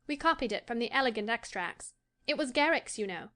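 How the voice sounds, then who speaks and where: A woman's voice: on the high side, expressive, fairly quick, bright, forceful tone. An actress playing a cheerful young daughter who soothes her anxious father in an audiobook. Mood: reassuring. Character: bright, reassuring young daughter. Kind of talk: audiobook character voice.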